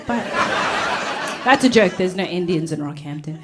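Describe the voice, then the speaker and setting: A woman's voice: mid-range voice, fairly quick, background noise. A young woman stand-up comedian from Uganda, telling stories on stage and acting out voices, sometimes dropping to a whisper for a punchline. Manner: animated, acts out voices, drops to whispers for punchlines. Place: comedy stage before a live audience.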